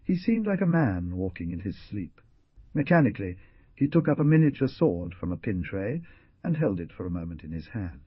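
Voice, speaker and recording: An expressive male narrator reads dramatically, his low, husky voice rising and falling a lot. The recording is dry and dull, with a lo-fi band. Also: fairly quick, no room sound. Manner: expressive, theatrical. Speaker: audiobook narrator.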